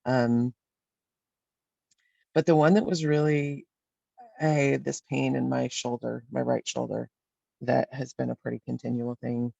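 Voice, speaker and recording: A woman's voice: very deep voice, vocal fry, darkish tone, no echo, lo-fi sound. Reflective woman sharing over a call. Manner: reflective, hesitant, many fillers. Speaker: workshop participant. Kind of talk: personal sharing in a group.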